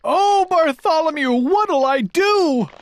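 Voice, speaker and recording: A woman acting out a flustered royal trumpeter in a read-aloud storybook. He speaks in a high, swooping voice that yelps and wails in alarm. A faint hiss sits under the reading. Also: lively intonation, slow. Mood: wailing. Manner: wailing, alarmed. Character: frantic old male royal trumpeter.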